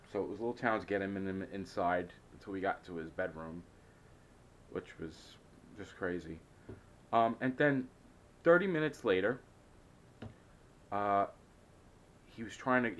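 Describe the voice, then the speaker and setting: A man's voice: sits low, moderate pace, fairly bright tone, a little hiss or hum. A man telling a rambling, hesitant story in a casual vlog, often frustrated and full of restarts. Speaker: vlogger.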